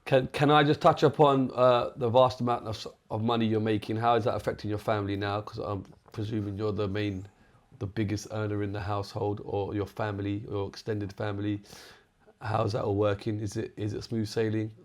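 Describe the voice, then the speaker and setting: A man with a low, fairly flat voice hosts a casual podcast interview. He asks plain, direct questions. Between the guest's stories he keeps up a steady run of short affirmations. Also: brisk. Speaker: podcast host.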